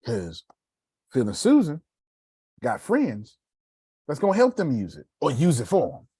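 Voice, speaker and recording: A man giving a casual, preacherly motivational talk on live video, swinging between loud bursts and hushed asides. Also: mid-range voice, huge pitch swings, unhurried, husky, no echo.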